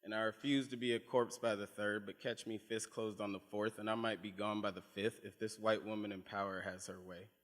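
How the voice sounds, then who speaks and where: A man reading spoken word poetry at a live event, with a pointed, measured delivery of long lines. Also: lowish voice, little pitch movement. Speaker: poet. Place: live reading in a museum venue. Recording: long reverb of a large hall.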